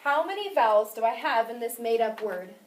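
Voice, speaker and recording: A woman's voice: a little high, expressive, fairly quick. A woman teaching a phonics lesson, asking questions and praising answers patiently. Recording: echoey room, mic at a distance.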